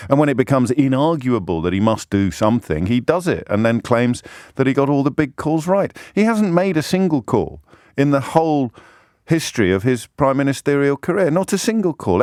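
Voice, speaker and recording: A man's voice: mid-range voice, darkish tone, no echo, clean studio sound. A man hosting a radio show, delivering an impassioned, scornful monologue with emphatic rhetorical repetition. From Britain. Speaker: radio phone-in host.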